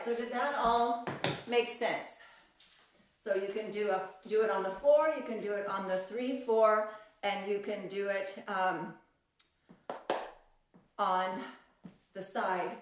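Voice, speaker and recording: A woman teaching a live online belly dance class, counting beats aloud as she demonstrates and chatting cheerfully with her students. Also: mid-range voice. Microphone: phone camera away from her. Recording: echoey room, voice from a distance, music faint behind.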